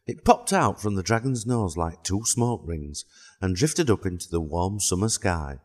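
A man narrating a children's storybook in a calm, even way. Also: deep voice, a little slow.

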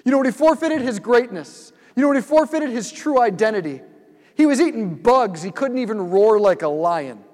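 This sermon comes from a speaker at a church event spanning several nights, an animated storyteller who voices his own thoughts aloud. He sounds very high-pitched, speaks at a moderate pace, and the room is large and resonant.

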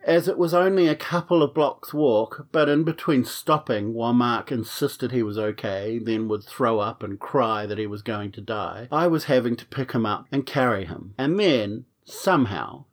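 A man telling a comic personal story on his podcast, frank and wry, swearing freely. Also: medium pitch.

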